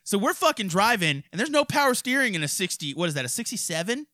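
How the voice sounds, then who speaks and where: A man from hosting a podcast, telling crude stories in a rowdy, profane, animated way. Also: high-pitched, fast, dry recording, clean studio sound. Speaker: podcast host. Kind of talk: crude casual storytelling.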